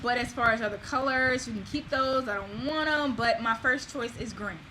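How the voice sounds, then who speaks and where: A woman vlogger talking casually to the camera, animated and emphatic, with self-deprecating asides. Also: on the high side, normal speed, slight background noise, rough recording.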